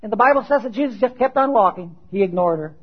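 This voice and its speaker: High, husky man preaching with fervor. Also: quick pace, muffled recording. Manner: animated, builds to emphatic shouted peaks, rhetorical questions. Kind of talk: sermon.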